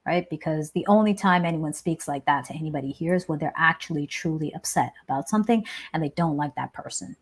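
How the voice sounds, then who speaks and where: A woman's voice: low-pitched, brisk, husky. A woman hosting a live Q&A, giving advice in a casual, frank and chatty way, often checking in with "right?". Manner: frank, expressive, explanatory. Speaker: host answering viewer questions. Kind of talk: live-stream Q&A advice talk.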